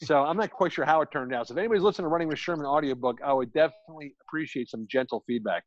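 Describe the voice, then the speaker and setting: A man's voice: fairly high pitch, racing, highs cut off. A man chatting candidly on a video call, telling rambling stories about writing and recording his book. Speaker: author and guest. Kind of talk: casual group chat.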